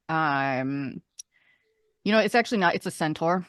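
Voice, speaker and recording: Low-voiced woman, dry close sound. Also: expressive, moderate pace, long pauses, fairly bright tone, no echo. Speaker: player. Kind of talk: casual podcast chat.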